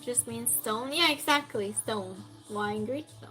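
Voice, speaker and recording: High-pitched girl running a trivia stream, slow easy chat, answers the chat, soft music in back. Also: rough recording. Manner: chatty, reads chat aloud and answers viewers. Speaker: streamer hosting a trivia game. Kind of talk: casual live-stream chat.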